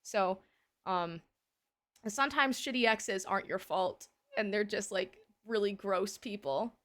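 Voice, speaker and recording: A young woman hosting a casual stream chat, telling a story in an animated way, swearing freely and acting out quotes. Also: mid-range voice, unhurried. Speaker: streamer host.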